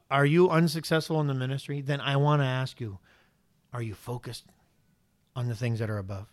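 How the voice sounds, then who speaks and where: A man's voice: a little high, a bit bright. A male pastor preaching a sermon, asking the congregation question after question. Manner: preaching with many rhetorical questions.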